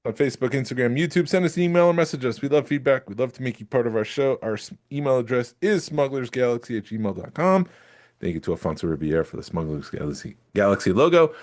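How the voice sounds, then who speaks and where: A man hosting a collecting podcast, chatting casually and hedging with "like" and "uh.". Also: mid-range voice. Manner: rambling, hedging with "like" and "uh". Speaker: podcast host. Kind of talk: casual chat. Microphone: studio microphone that pops.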